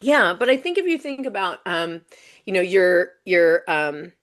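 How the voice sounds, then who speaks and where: A woman's voice: fairly low pitch, unhurried. Chatty woman telling stories in an interview. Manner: animated, chatty, peppered with "you know" and "um". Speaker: guest coach. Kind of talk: casual storytelling in a podcast interview.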